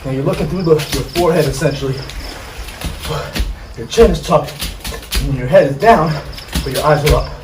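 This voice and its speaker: A man leads a boxing-style workout, firing off energetic, short commands. His voice sits a bit high and comes from a distance. The recording is roomy, with insects clearly chirping behind him. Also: moderate pace, long pauses. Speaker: fitness coach. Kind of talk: live workout coaching. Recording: far-off mic with echo and insect noise.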